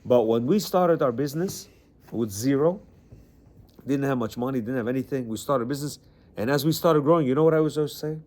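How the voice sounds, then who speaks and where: Animated man teaching a men's class. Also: mid-range voice, fairly quick. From Central Asia, Bukharan Jewish family. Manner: animated, conversational, repeats words. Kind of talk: lecture with stories. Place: classroom with a small group of men.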